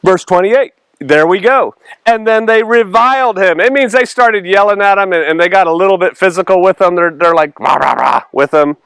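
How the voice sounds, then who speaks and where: A man's voice: sits high, normal speed, a bit bright, smooth, dry recording. A male pastor teaching through a Bible passage in a conversational way, acting out the dialogue with sarcastic voices and laughter.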